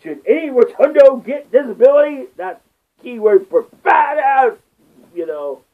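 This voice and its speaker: Male vlogger, high voice, rambling profane rant, slow delivery, phone-like sound. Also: lively intonation. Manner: rambling, crude, repeats filler curses. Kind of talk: profane ranting monologue. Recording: tinny phone-like lo-fi audio.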